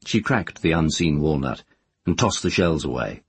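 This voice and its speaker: A man narrating an audiobook in a measured, expressive storytelling manner. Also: a bass voice, breathy edge, dry recording.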